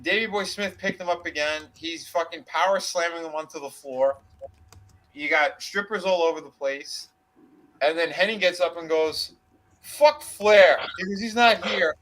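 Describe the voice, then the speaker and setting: A man's voice: fairly high pitch, moderate pace, a bit bright, low-quality recording. A man casually retelling a backstage story on a wrestling discussion podcast, swearing freely and slipping into quoted voices. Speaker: podcast co-host.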